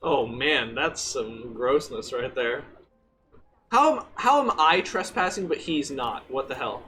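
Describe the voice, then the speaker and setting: A man's voice: medium pitch, animated, a little slow, bright, forceful tone, rough recording. A man with a mid-range voice jokes his way through a game, narrating each move with a wry, offhand humour. There is a faint hiss of noise behind him. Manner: joking, wry. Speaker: gaming streamer. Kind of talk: casual gameplay commentary.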